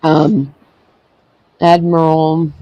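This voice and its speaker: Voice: medium pitch, little pitch movement, drawn-out words, warm tone, dry recording, muffled recording. Giggly voice in dry casual chat. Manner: giggly, laughs often.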